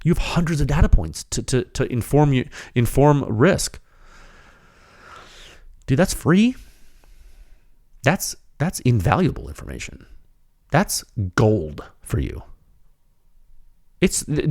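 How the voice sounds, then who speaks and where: A man hosting a technical podcast, talking in an emphatic, animated way and often calling listeners dude. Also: mid-range voice, takes it slowly, long pauses, dry recording, studio quality. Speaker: podcast host. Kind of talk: excited technical podcast talk.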